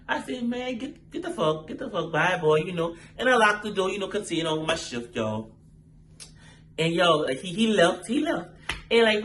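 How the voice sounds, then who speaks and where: A man's voice: sits high, a little hiss or hum. A man hosting his own storytime vlog, talking casually and animatedly to his viewers with lots of slang. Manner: animated, chatty, playful, uses slang and swearing. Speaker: storytime vlogger, channel host.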